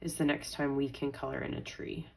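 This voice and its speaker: A pregnant young woman vlogs about her budget, chatting casually and counting her cash aloud with a bit of self-talk. Her bass voice has vocal fry and a flat, brisk delivery. The recording is rough.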